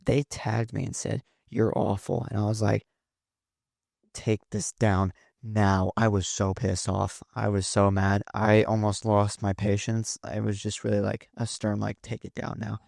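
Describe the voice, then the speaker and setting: In a casual storytelling chat, the host's son, in his late teens, wanders through stories with frequent fillers and restarts. His lowish, slightly mellow voice has vocal fry, a level tone and normal speed, with few pauses. The studio-quality audio has no room sound.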